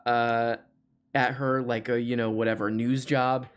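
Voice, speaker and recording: A man's voice: mid-range voice, flat delivery, a little slow, clean tone. A man hosting a casual call-in show, rambling and joking with plenty of fillers. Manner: rambling, jokey, many fillers. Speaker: show host. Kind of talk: casual livestream call-in chat.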